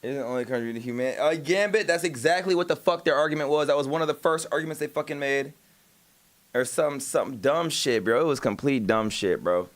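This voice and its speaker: A man's voice: mid-range voice, brisk. A young man on a casual livestream, retelling an argument in a rambling, profane way, with many restarts and admitting he stutters sometimes. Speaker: streamer.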